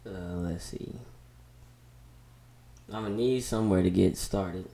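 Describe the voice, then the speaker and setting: A man's voice: deep voice, slow pace, creaky, dark tone, reverberant. A teenage boy in casual chat, telling stories in a laid-back way. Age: teen.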